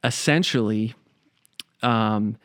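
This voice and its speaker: A man who is a pastor and podcast host, telling a personal story in an earnest, reflective way with frequent pauses and fillers. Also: fairly low pitch, a bit bright, clear, resonant tone, no room sound, studio quality.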